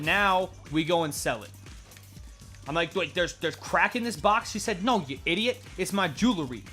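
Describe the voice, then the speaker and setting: A young man with a bright, slightly high voice spins a rambling, profane made-up story while he plays. He acts out both sides of the dialogue in his own voice, and faint music plays behind him. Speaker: gameplay commentator. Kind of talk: rambling improvised game narration.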